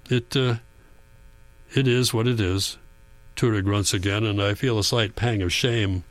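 A man reading a first-person audiobook in a quiet, measured, reflective way. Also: lowish voice, dry recording. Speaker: audiobook narrator. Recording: dry booth with faint mains hum.

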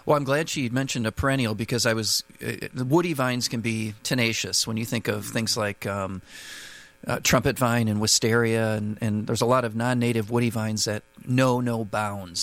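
Guesting as the gardening expert on a radio call-in show, a man fields questions in a friendly, explanatory way, though he hesitates and restarts often. His voice is mid-range and fairly bright, at a normal speed, recorded dry.

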